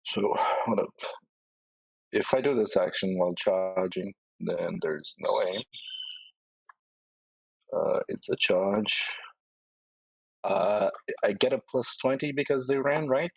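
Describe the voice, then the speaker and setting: A man's voice: lowish voice, slow pace, gravelly, long pauses, husky, dry recording, low-quality recording. A man playing a tabletop game, checking the rules with questions. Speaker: player. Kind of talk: casual tabletop game chat.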